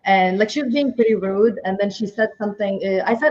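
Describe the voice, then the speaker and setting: A woman's voice: mid-range voice, brisk, a little mellow. A woman with a foreign accent, co-hosting a podcast and telling a story in casual chat with laughs. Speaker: podcast co-host. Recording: dull lo-fi sound.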